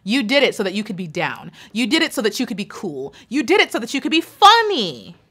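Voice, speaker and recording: Bright, indignant American woman vlogger. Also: fairly high pitch, sing-song, fairly quick, breathy edge. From United States. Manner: emphatic and indignant, repeating points. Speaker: YouTuber. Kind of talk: opinion commentary vlog.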